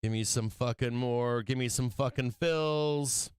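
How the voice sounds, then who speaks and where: A man's voice: mid-range voice, unhurried, clear, resonant tone, no room sound. A man hosting a stock trading live stream, talking casually, swearing and venting frustration about his trades.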